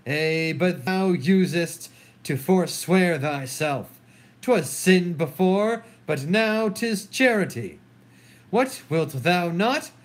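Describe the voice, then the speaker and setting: A man's voice: high-pitched, animated, slow pace. A man reading a play aloud alone, voicing a grieving, furious queen in declaimed verse. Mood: bitter. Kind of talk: solo dramatic reading of a play.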